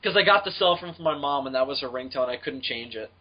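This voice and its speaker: A young man hosting a podcast, telling a story in a profane, animated way and acting out the voices of the people in it. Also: medium pitch, fast talker. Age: young adult. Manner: profane, animated, acts out voices in his stories. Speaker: podcast host. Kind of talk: casual storytelling chat. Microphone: home mic on a voice call. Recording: muffled lo-fi call audio.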